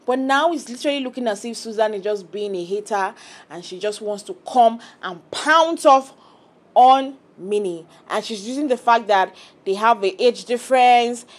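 A woman's voice: on the high side, moderate pace. Opinionated woman recapping reality TV. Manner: chatty, opinionated, animated quoting of cast members. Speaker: reality TV commentator. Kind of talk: casual reaction vlog.

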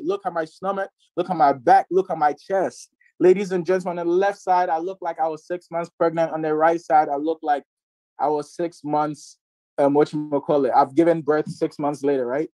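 A man in his twenties giving a preachy, repetitive motivational sales pitch to listeners on a group call. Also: a little mellow, no echo. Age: 20s. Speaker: network marketing presenter.

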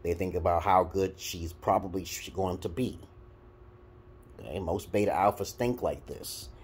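Brief: a low, husky man with a New York accent, ranting crudely and animatedly to camera. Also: normal speed. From Brooklyn, New York. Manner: blunt, crude, animated, swings between loud and muttered. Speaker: vlogger giving dating advice. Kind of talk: casual rant to camera.

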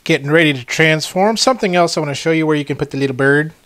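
A man's voice: on the high side, very fast, hardly any pauses, fairly bright tone. A man talks through a toy review in an easygoing, rambling way. He drifts off topic often and chats as he handles the figure. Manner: rambling, easily sidetracked, chatty. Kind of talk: casual unboxing review.

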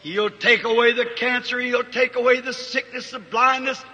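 A man preaching a fervent revival sermon in a large hall before a congregation, often rising to shouts. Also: very high-pitched, fairly even intonation, normal speed, dull audio. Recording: reverberant old hall recording.

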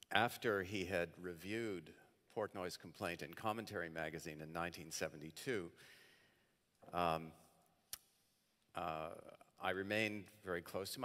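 A man's voice: low-pitched, a bit bright, big-room sound. A man giving a public lecture, reminiscing unhurriedly before reading passages aloud. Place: large hall, celebration event.

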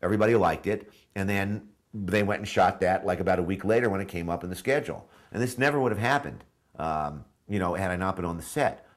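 A man's voice: sits low, fast talker. A man, a screenwriter, telling a rambling story in a documentary interview, full of fillers and restarts.

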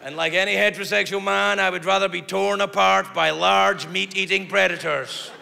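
A middle-aged man with a Scottish accent telling a stand-up story in an animated way, sometimes jumping into shrieking high voices. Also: moderate pace, creaky, crowd noise. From Scotland. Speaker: stand-up comedian. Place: large theater stage. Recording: reverberant hall with loud audience noise.

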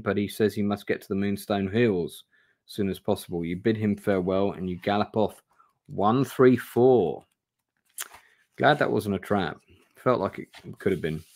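A man streaming a gamebook play-through from home on camera, reading aloud casually, swearing and chatting to viewers. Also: fairly low pitch. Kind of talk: live reading and casual chat. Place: home room.

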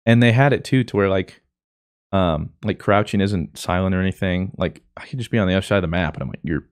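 Man, low-pitched, dry close sound, casual podcast co-host, sarcastic and rambling. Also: fast, clean tone, dry recording. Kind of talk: casual gaming podcast chat.

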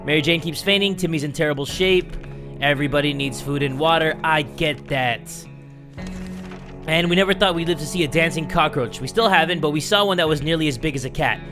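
A young man giving gameplay commentary, reading game text aloud and breaking into loud swearing outbursts. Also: fairly high pitch, a little fast, over music. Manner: reads game text aloud in a mock-dramatic tone. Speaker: gaming YouTuber.

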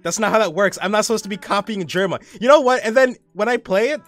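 A man's voice: high-pitched, fast talker, a bit bright, no room sound, soft background music. A young man streaming a game live, rambling casually, reading chat aloud and swearing often.

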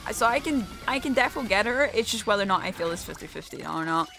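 A woman's voice: medium pitch, lively intonation, fast, gravelly, music in the background. A young woman streaming a game, chatting casually, swearing freely and poking fun at herself. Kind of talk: casual live-stream gaming chat.

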